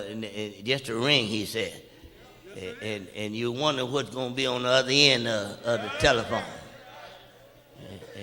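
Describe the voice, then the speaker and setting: A man preaching a sermon, stammering through repeated words and building from quiet talk up to loud shouts. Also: lowish voice. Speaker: pastor. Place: church sanctuary. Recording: long reverb of a church hall.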